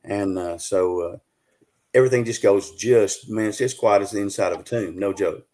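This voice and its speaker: A middle-aged man with a Southern US accent, a guest telling a long story in a folksy, drawn-out way full of fillers. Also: fairly low pitch, mellow. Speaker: guest, Bigfoot researcher. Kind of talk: casual storytelling on a live show.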